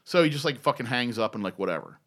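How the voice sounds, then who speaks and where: A man telling a story in casual podcast chat, animated, rambling and profane. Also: medium pitch, fast talker.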